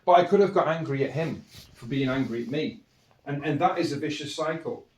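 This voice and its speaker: A man's voice: on the high side, fairly quick. A man talking in a casual, reflective monologue as a podcast host, earnest and rambling, often restarting and saying "you know".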